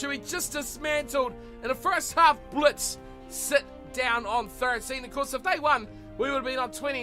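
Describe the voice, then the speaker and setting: A man playing a rugby video game and calling the action as mock play-by-play commentary, in a lively, chatty way. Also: extremely high pitch. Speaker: video game let's player. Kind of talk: mock sports commentary over gameplay. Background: game music.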